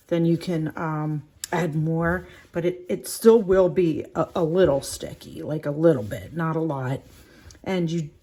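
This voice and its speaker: A woman with a somewhat low voice talks casually through a home baking demonstration. She rambles, restarts and fills gaps with "um" and "like." Her voice is a little shaky from working the dough with her hands. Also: dark tone. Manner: chatty, rambling with many fillers and restarts. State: voice shaky from kneading.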